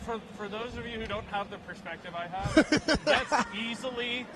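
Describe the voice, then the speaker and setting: A man with a fairly high voice co-hosts from behind the camera on a convention floor. He talks casually and bluntly, with sarcastic asides and offhand swearing. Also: normal speed, crowd noise, rough recording. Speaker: camera operator and co-host. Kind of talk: casual walk-and-talk chat. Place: busy convention hall.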